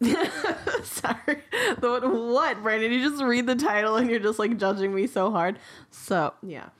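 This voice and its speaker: A woman's voice: a little high, a little slow. A young woman in casual chat, giggling as she retells a fable in a rambling way.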